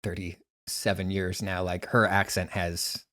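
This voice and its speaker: A man's voice: deep voice, flat delivery, unhurried, a bit bright, dry recording, clean studio sound. A man chatting casually on a podcast, rambling with lots of restarts and fillers. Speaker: podcast producer and guest. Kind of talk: casual chat.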